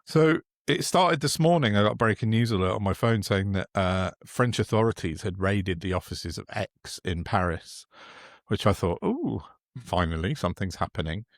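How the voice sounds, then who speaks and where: A sardonic man chats about politics on a podcast, his voice sitting low. He mocks his targets with frequent chuckles. The sound is close and dry, with no room around it. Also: moderate pace, no room sound. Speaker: podcast co-host. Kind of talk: casual political chat.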